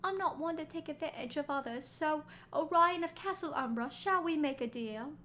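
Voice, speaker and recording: A woman voicing a sly young male elf from a game, reading his lines slowly and coaxingly. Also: sits high, sharp tone, a little hiss or hum. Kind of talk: reading game dialogue aloud.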